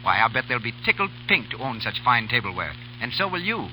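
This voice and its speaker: Man, 1930s radio announcer, enthusiastic sales read, animated pitch. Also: fairly quick, a little hiss or hum, low-quality recording. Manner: enthusiastic, persuasive.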